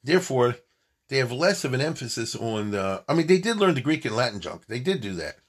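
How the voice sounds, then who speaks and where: A man's voice: medium pitch, very animated, a little fast, breathy edge. A man giving an informal lecture on history, chatty and digressive, often checking in with his listeners.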